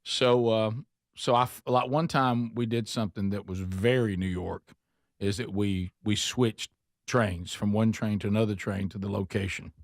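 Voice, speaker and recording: A man hosting a radio talk show, telling a story in a casual, animated way and now and then putting on a mock accent. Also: on the low side, moderate pace, no echo, clean studio sound.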